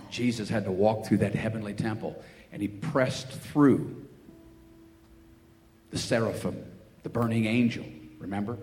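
A man's voice: mid-range voice, darkish tone. Male preacher, storytelling sermon, long hall reverb, faint room noise. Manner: storytelling, acting out voices in quotes.

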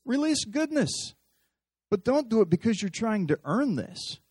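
A man's voice: very high-pitched, big pitch swings, measured pace, a little mellow, breathy edge, dry recording. A man preaching a sermon in a conversational, storytelling way, often restarting his phrases. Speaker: pastor.

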